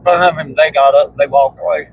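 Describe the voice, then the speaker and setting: A man's voice: mid-range voice, steady tone, fairly quick, lo-fi sound, background noise. A man, telling rambling, salty stories in a casual chat and laughing at his own tales. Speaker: storyteller in conversation. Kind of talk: casual storytelling. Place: inside a moving vehicle.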